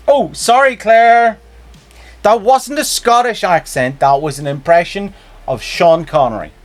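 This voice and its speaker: A man's voice: on the high side, wildly swooping pitch, measured pace, soft background music. A man chatting and joking casually while streaming a game. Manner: joking, rambling, playful. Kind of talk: casual gameplay stream chat.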